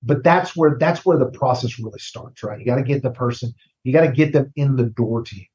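A man working as a recruiting consultant, talking casually as an interview guest, often restarting words and tagging sentences with a quick question. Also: medium pitch, darkish tone, muffled recording. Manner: conversational, repeats words, tags "right?".

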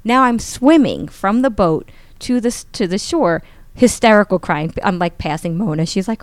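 A woman in her forties telling a personal story in a casual interview, animated and acting out the voices of others. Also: normal speed, dry recording. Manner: animated, acts out quotes with rising pitch. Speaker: guest.

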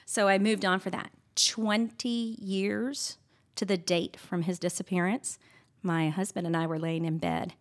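A middle-aged woman with a slightly low voice recounts a personal story as an interview guest. She speaks earnestly and candidly. She turns lively when she acts out what was said. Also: a little slow. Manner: earnest, candid, animated when retelling scenes.

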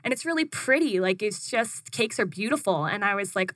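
Bright-voiced young woman telling a lively story. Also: a little fast, no echo. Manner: animated, acts out her own quotes in a higher voice, frequent "like". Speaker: guest, food business founder. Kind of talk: casual storytelling interview.

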